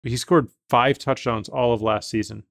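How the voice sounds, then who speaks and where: A man's voice: medium pitch, fairly even intonation, moderate pace, vocal fry, fairly bright tone, no echo, studio quality. A man hosting a podcast, casual chat, talking emphatically and thinking aloud with restarts. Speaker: podcast host.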